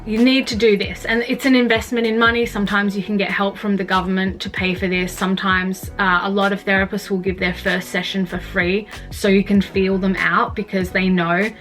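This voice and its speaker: A woman's voice: medium pitch, little pitch movement, brisk, hardly any pauses, fairly bright tone. Young woman, casual rambling vlogger, candid and frank, faint music under. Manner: casual, rambling, frequent "like", swears. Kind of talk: candid personal vlog about mental health.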